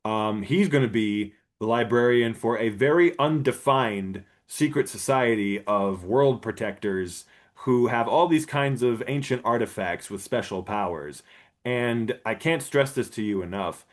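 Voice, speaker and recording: A man hosting a podcast, retelling a movie plot in a rambling, profane, casual way and clearing his throat often. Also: medium pitch, measured pace. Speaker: podcast host. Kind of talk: casual comedic movie recap.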